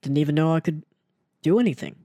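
A man telling a story in a casual, animated and self-mocking way, often jumping into an excited higher voice. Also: fast, no echo. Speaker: storyteller recounting his wrestling start.

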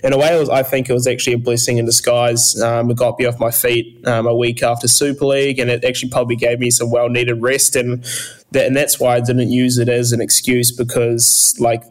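Flat-voiced young New man. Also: medium pitch. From New Zealand. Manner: halting, full of fillers and restarts. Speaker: guest athlete. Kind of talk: casual interview chat. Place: in bed at home.

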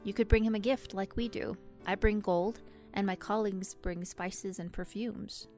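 Reading the part of a kindly, wise king, a woman speaks in an inviting mood with a mid-range, darkish voice close to her everyday one. Her intonation is fairly even and her speed normal, with soft music playing in the background.

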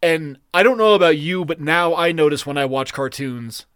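A man chats casually as a podcast co-host, rambling and cursing freely as his thoughts run ahead of him. His voice sits a bit high for a man. The sound is dry, with no room around it. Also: normal speed, smooth, no room sound. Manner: rambling, profane, excitable. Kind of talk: casual chat.

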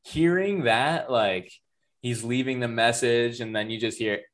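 A man's voice: medium pitch, measured pace, fairly bright tone. A man chatting casually about a film, playful and joking, acting out lines from it. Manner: playful, jokey, acts out quotes.

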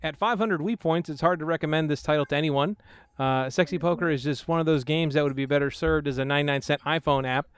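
A man's voice: on the high side, fast talker, clean tone, no room sound. A man hosting a casual podcast chat, reading reviews and laughing often. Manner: laughs often, chatty, many fillers. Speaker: podcast host.

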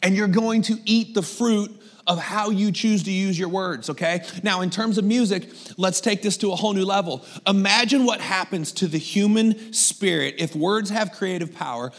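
High-voiced man preaching a sermon. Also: moderate pace. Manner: energetic, conversational preaching with rhetorical questions. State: losing his voice. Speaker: pastor.

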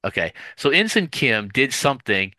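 A man's voice: medium pitch, moderate pace, no echo. A man co-hosting a casual podcast, telling stories with lots of restarts and acting out what people said. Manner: animated storyteller, acts out quotes, frequent restarts. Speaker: podcast co-host. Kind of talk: casual chat.

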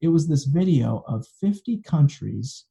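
A man's voice: fairly high pitch, big pitch swings, measured pace, creaky, dark tone. A man, a pastor, preaching a sermon in a conversational, folksy storytelling manner, recorded for an online video.

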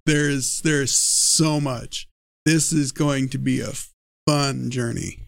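A man co-hosting a podcast in casual chat, telling animated stories with frequent laughs and swearing. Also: mid-range voice, slow pace, vocal fry, dry recording. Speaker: podcast co-host.

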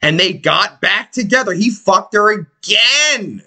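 High, animated, profane man telling a story. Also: measured pace. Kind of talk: casual storytelling chat.

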